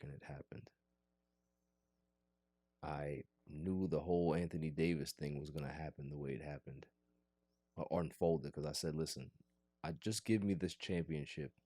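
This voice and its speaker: Animated man hosting a sports podcast. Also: very deep voice, no room sound, studio quality. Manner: animated, jokey, theatrically pleading. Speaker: podcast host. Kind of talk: casual sports chat.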